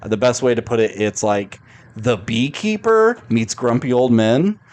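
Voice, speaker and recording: A man's voice: medium pitch, moderate pace, darkish tone. Man, podcast host, casual movie chat, blunt, rambling, restarts often.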